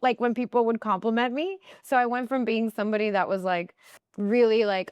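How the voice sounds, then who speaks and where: A woman guest on a podcast, telling personal stories in casual talk, often quoting herself and others in high, playful voices. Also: fast talker, clean tone, no room sound. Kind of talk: conversational interview storytelling.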